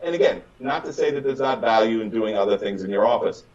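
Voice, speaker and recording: A man coaching on chiropractic business in an emphatic, conversational way, acting out patients and doctors in quick little voices. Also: fairly low pitch, expressive, darkish tone, recorded from a distance, muffled recording. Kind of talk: animated conversational advice.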